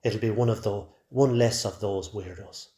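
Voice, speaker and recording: A man's voice: on the low side, normal speed, dark tone, close to an everyday voice. A man voicing a jeering young male thug, taunting and cruel. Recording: roomy echo.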